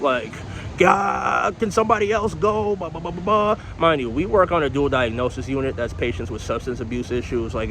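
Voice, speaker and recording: A man's voice: mid-range voice, noisy background. A young man telling a personal story in a casual storytime vlog, rambling, candid and profane.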